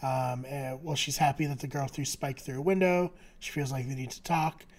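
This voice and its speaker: A man's voice: medium pitch, fairly even intonation, moderate pace. A man co-hosting a podcast, casually recapping a TV episode, chatty, with lots of fillers and frequent laughter. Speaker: podcast co-host.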